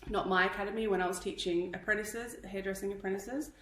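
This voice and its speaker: A woman's voice: mid-range voice, steady tone, fast talker, a bit bright. Breathless hair teacher lady, chatty, keeps saying okay?, echoey room. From Australia. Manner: chatty, instructive, checks in with "okay?". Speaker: hairdressing educator. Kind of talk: live tutorial.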